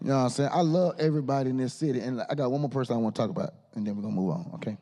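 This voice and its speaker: Brief: male emcee, teasing roast style, soft dark tone. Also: mid-range voice, rapid-fire. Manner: joking, teasing, conversational. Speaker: master of ceremonies.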